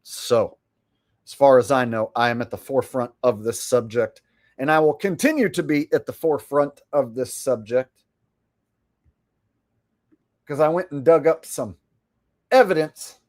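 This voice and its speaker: Here a livestream host speaks in a mid-range, darkish voice at normal speed. His casual commentary on clips is boastful and rambling.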